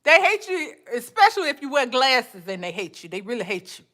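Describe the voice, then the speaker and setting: A woman hosting a podcast, speaking in a casual faith-based monologue, animated and quick to laugh, calling listeners honey and child. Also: high voice. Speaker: podcast host.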